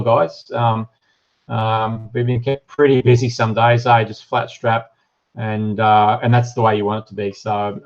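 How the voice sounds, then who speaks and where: On a dull, lo-fi stream, a chatty Australian shop owner with a lowish voice hosts a casual live-stream chat. He reads out viewer comments, filling his talk with lots of ums and uhs.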